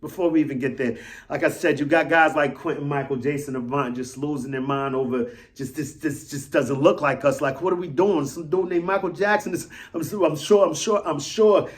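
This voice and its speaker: A man giving casual solo commentary as a fan vlogger, rambling and animated, repeating himself and swinging between loud and soft. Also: on the high side, brisk.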